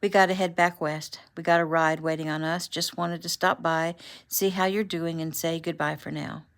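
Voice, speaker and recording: A woman reading as a calm male agent, plain and matter-of-fact. The voice sits low and steady. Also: moderate pace.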